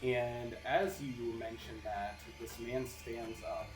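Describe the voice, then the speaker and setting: A man's voice: medium pitch, steady tone, slow pace. Casual male game master in a roomy room. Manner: casual, with fillers and restarts. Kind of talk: narrating a tabletop game. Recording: roomy sound with music behind.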